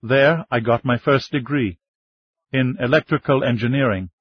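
A man voicing a dignified male minister in his fifties, speaking in a measured, formal way in an audiobook. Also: medium pitch, husky, no echo, natural voice. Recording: dull lo-fi dry recording.

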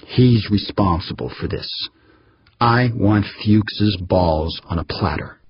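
Brief: male narrator voicing a bullying tycoon, husky, growls and barks, dull recording. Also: fairly low pitch, slow, exaggerated voice. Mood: growling. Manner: growling, shouting orders. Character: raging powerful older male tycoon.

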